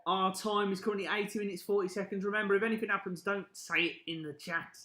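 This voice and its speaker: A young man from Birmingham with a Birmingham accent, chatting and reacting loudly while hosting a football watch-along stream. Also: high-pitched, fairly even intonation, fast. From Birmingham, England. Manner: chatty, reacts loudly, plugs likes and subscribes. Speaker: live stream host. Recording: echoey room.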